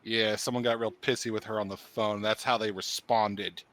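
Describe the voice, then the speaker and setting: A man in a casual podcast chat, joking wryly in animated banter. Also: fairly low pitch, moderate pace.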